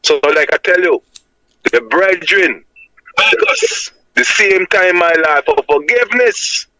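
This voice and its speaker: Insistent high-voiced Jamaican man preaching. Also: expressive, slow pace, pushed and bright, rough recording. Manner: emphatic and insistent, repeating "my lad" as a tag. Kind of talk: preaching-style reasoning.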